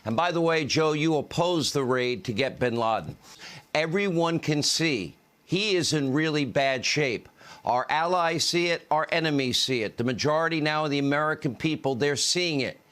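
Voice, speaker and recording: A man's voice: fairly high pitch, normal speed, a bit bright, smooth. Mocking male news commentator. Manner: mocking, scornful. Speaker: television commentator.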